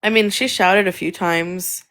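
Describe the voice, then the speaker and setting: A woman's voice: on the low side, steady tone, unhurried, fairly bright tone. A woman guest on a livestream, earnestly explaining and defending her views at length.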